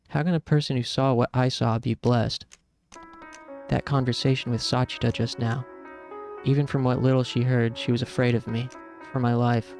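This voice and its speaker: A man's voice: medium pitch, gravelly, darkish tone. A man streaming, reading a story game aloud in an earnest, reflective way.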